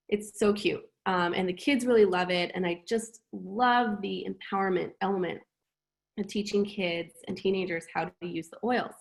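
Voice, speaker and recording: A woman in her thirties, a mother, talking casually through a product line with lots of fillers. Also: medium pitch. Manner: chatty, warm, frequent fillers. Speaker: presenter.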